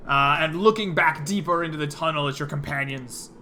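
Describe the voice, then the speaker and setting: A man narrating a tabletop game as game master, describing scenes at an unhurried pace. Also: a little high, pushed and bright, slight background noise.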